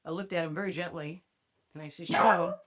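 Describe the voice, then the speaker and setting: A woman's voice: deep voice, fast, heavy background noise. A woman hosting a podcast in a casual chat, telling stories bluntly and with plenty of cursing. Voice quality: profane, blunt. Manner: animated storyteller who acts out other people's lines. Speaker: podcast host.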